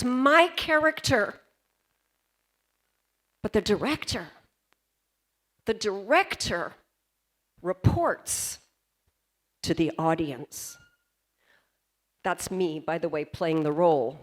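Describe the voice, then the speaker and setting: A woman giving a storytelling keynote at a convention, pausing for effect and putting questions to the audience. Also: high-pitched. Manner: dramatic pauses, questions to the audience. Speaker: keynote speaker. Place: convention stage.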